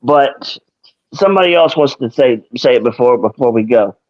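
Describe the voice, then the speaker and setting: A man's voice: mid-range voice, animated, normal speed. Rambling male co-host on muffled audio. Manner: rambling, many restarts and fillers. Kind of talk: casual live-stream chat.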